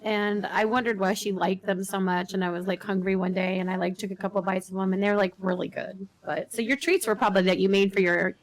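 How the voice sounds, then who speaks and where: A woman's voice: mid-range voice, brisk, hardly any pauses. Woman streamer telling stories. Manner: storytelling, animated anecdotes. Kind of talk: casual podcast chat.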